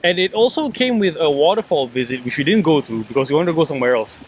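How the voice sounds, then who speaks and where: A man's voice: a little high, lively intonation, fast talker, a little hiss or hum. A young man from Singapore with a Singaporean English accent, co-hosting a casual podcast and joking around with many restarts. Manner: rambling, jokey, full of likes and restarts. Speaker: podcast co-host. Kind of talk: casual chat. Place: outdoors.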